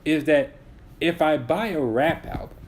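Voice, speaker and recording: A slightly high male voice at a measured pace belongs to a podcast co-host in his twenties. He casually argues his opinions in a chat, restarting sentences as he builds up his points.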